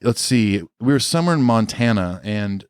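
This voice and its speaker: A man's voice: lowish voice, expressive, moderate pace, clean tone, dry recording, studio quality. A middle-aged man, a musician guest on a podcast, telling a long casual story in a rambling, laid-back way full of fillers.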